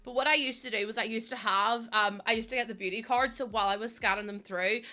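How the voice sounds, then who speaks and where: A young woman chatting casually with her stream's viewers, animated and swearing freely, laughing often. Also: fairly high pitch, quick pace. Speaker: live streamer. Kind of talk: casual chat with live chat viewers.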